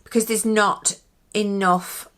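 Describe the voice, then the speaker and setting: Middle-aged woman, casual co-host, reassuring, bright tone. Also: medium pitch, fairly even intonation, slow pace. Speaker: co-host giving advice. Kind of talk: casual advice chat.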